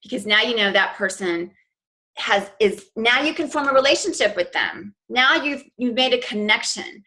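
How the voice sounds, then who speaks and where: A woman's voice: fairly high pitch, expressive, normal speed, pushed and bright, poor audio. A woman coach giving a chatty, informal training talk to her team, with plenty of fillers and restarts. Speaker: fitness business coach.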